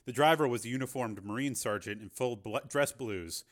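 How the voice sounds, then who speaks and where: A man's voice: medium pitch, normal speed. A man narrating a novel as an audiobook, reading steadily with the odd filler.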